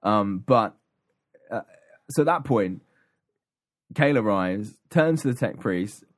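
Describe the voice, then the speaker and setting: Low-voiced man recapping a story. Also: expressive, takes it slowly. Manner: rambling, many ums and restarts. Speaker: podcast co-host. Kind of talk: casual chat recapping an audiobook.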